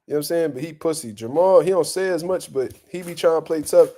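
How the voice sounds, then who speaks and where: A young man hosting boxing talk, ranting bluntly and profanely in a casual, animated way and laughing often. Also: on the high side, fast. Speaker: boxing commentary host.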